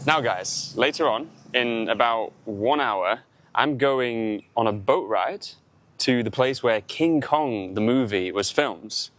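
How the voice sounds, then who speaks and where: A man's voice: mid-range voice, takes it slowly, a bit bright. A young man with an English accent, giving a chatty vlog-style English lesson and explaining words with examples. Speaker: English teacher.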